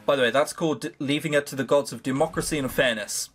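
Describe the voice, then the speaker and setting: A man's voice: medium pitch, brisk, hardly any pauses, fairly bright tone, soft background music. A man reads a visual novel aloud, breaking off for sarcastic jokes and casual swearing. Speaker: let's play host. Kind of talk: reading a visual novel aloud with joking commentary.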